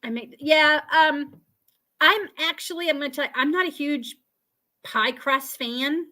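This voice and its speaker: A woman hosting a live stream in casual chat, chatty and quick to laugh, talking over a video call. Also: high-pitched, sharp tone. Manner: chatty, laughs often, filler-heavy.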